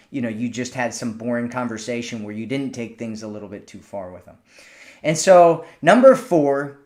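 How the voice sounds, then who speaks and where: A man working as a dating coach, giving casual advice in a conversational way, with frequent restarts and playfully acted example lines. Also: mid-range voice. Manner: conversational, repeats himself, acts out sample lines.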